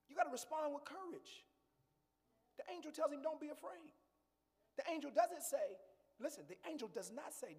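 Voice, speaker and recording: A man preaching a sermon as pastor, building to shouts and talking straight to the congregation. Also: very high voice, animated, a little fast, long reverb tail. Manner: preaching with rising shouts and call-and-response asides.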